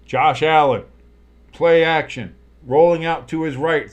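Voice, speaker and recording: A young man giving casual live play-by-play commentary, chatty and swearing, tired and yawning, who bursts into shouts on big plays. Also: fairly high pitch, steady tone, measured pace. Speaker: play-by-play streamer.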